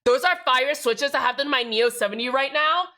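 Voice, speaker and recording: A woman's voice: high-pitched, brisk, sharp tone. A young woman streaming live, rambling and chatting casually with plenty of swearing.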